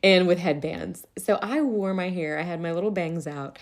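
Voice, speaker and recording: A woman in her thirties, a podcast host and teacher, telling stories in a casual chat, animated and often laughing. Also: normal speed. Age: 30s. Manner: animated, laughs often, raises pitch to quote kids.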